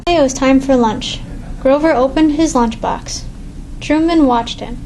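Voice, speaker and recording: A woman reads a children's picture book aloud in a clear, measured way. Her voice sits high. A faint hiss runs underneath. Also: mellow, poor audio. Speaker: reader.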